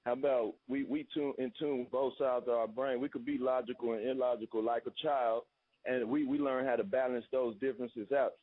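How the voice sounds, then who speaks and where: Defiant caller on a tinny phone line. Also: male voice, medium pitch, steady tone, brisk, dry recording. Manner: insistent, defiant, stumbling repeats. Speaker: radio caller. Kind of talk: heated argument on a call-in show.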